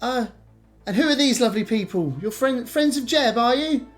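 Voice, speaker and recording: A fussy, motherly townswoman, voiced by a woman, chattering in a high, lively voice and calling everyone darling. She talks in a bustling, kindly way, with faint music under the tabletop game. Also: normal speed, natural voice. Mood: fretful. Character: fussy kindly older townswoman innkeeper type.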